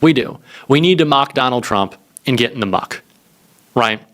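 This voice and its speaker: A man's voice: medium pitch, expressive, normal speed, fairly bright tone. A man doing political news commentary in a sarcastic, scornful way.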